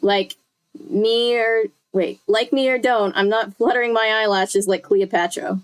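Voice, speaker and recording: A woman's voice: a little high, fairly even intonation, unhurried, smooth. A young woman reading a novel aloud on a live stream in a chatty way, stopping to correct herself and talk to her chat. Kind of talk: casual live read-aloud.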